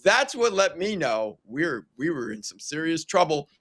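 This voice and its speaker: Male host, political interview, emphatic, rhetorical questions, slightly high voice. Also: sing-song, normal speed, fairly bright tone.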